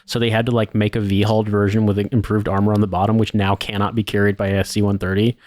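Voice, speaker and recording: A man's voice: lowish voice, level tone, quick pace, a little mellow, slight background noise. A man co-hosting a podcast in casual chat, rambling and swearing with lots of filler words. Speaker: podcast co-host.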